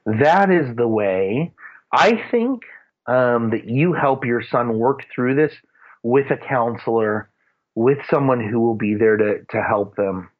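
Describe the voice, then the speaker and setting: A man's voice: medium pitch, lively intonation, takes it slowly. A man sharing earnest, rambling faith-based parenting advice in casual chat, with plenty of fillers. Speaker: Christian parenting guest. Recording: phone-like narrow radio sound.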